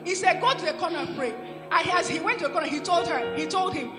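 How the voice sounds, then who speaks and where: A woman's voice: very high-pitched, lively intonation, brisk. A woman giving a rambling church testimony, telling a story with many restarts. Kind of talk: spoken testimony. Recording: echoey hall with music behind.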